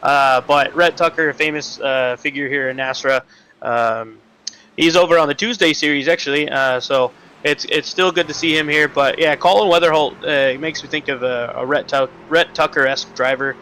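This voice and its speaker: Bright-voiced man analysing a sim race. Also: on the high side, clear, resonant tone, low-quality recording. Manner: halting and filler-heavy, then quick bursts. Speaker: color commentator. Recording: choppy online call line with faint noise.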